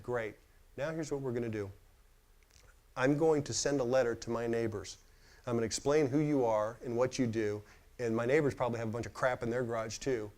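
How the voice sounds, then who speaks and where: Middle-aged male speaker, lively storyteller, plays out the dialogue himself. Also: mid-range voice. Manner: animated storyteller acting out quoted dialogue. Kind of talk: storytelling talk.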